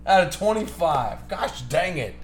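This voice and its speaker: A man with a slightly high, very lively voice rants and fumes while calling out cards on a live stream. His pitch swings widely as he gets worked up. The room is echoey, with faint music underneath. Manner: ranting, heated, fast-shifting. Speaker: card break host.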